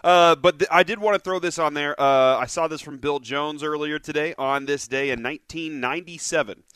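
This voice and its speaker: A man's voice: on the high side, brisk, a bit bright, smooth, no echo. A man co-hosting a sports radio show, joking and chatting casually while eating.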